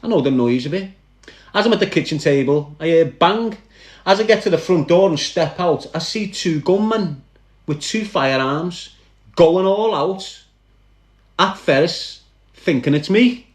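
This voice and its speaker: A man with a Liverpool accent recounting his past in dramatic first-person storytelling, animated and speaking straight to his listeners. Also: on the high side, measured pace, roomy sound. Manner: animated, addresses listeners directly.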